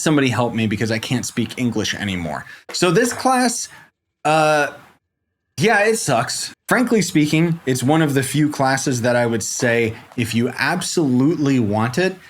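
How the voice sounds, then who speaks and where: A man's voice: medium pitch, a little hiss or hum. A young man joking his way through a casual gameplay tutorial, rambling and poking fun at himself as he goes. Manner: joking, self-mocking, rambling asides. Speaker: game guide creator. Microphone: desk microphone.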